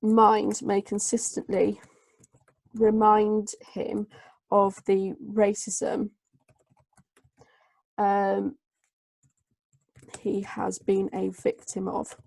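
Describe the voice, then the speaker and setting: A woman tutor, running a live online group lesson and dictating analysis slowly with many fillers. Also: medium pitch, completely flat delivery, vocal fry, a little mellow, no room sound. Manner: slow, hesitant dictation with many fillers while writing. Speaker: English tutor.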